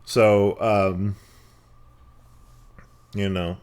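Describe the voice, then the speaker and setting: A young man streaming a game live, cursing and yelling at it between quieter chat with viewers. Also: fairly low pitch, extremely slow, smooth. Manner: profane, yelling at the game, lively swings. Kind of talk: live gameplay commentary.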